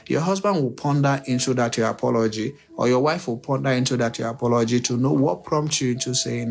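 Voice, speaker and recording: A man's voice: medium pitch, a little fast, vocal fry, hardly any pauses. A man hosting a livestream, giving relationship advice in an unscripted monologue. He repeats his points, asks his own rhetorical questions and speaks straight to his listeners. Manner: preachy, repetitive, uses rhetorical questions; addresses listeners directly and emphatically.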